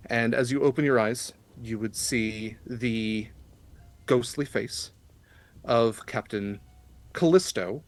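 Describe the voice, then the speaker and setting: A man running a tabletop game, narrating scenes slowly and deliberately with frequent pauses. His voice sits at a middle pitch, plain and steady. He also hosts the show's wrap-up chat. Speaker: game master.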